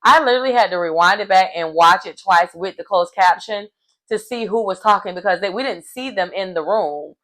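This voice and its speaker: A woman recapping a reality show episode in casual chat, animated and acting out what people said. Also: medium pitch, fairly quick, low-quality recording. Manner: animated storyteller acting out quotes.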